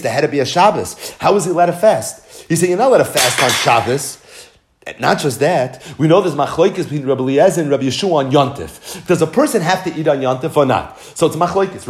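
A man teaching a Talmud lesson in an animated, sing-song study cadence, weaving in Hebrew and Yiddish terms. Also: fairly high pitch. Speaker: Torah teacher. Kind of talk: Talmud lecture.

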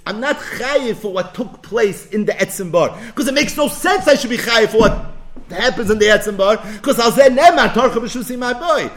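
A man giving an animated Talmud lecture, asking rhetorical questions and answering them himself. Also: very high-pitched, moderate pace, faint music behind. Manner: lively, asks and answers his own questions. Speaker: Talmud teacher.

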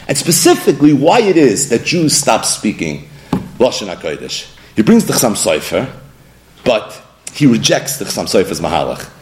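Lively, animated man teaching Torah. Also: medium pitch. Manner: animated, acts out quoted speakers and mixes in Hebrew and Aramaic terms. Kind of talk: Torah lesson.

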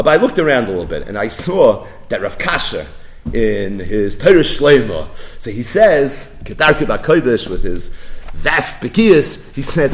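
A man teaching a Talmud lesson, chanting quoted texts in a singsong and building to near-shouts. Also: a little high. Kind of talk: yeshiva-style Talmud lecture.

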